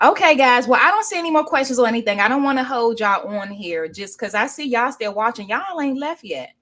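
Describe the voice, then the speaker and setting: A woman's voice: fairly high pitch, expressive, fairly quick, fairly bright tone. A woman from Washington, D.C. hosting a casual livestream, reading viewer comments aloud and chatting at length over a video call. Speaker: livestream host.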